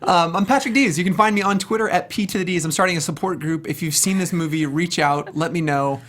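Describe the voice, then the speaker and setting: A man co-hosting a casual chat, making sarcastic, deadpan jokes. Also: a little high, fast. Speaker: podcast co-host.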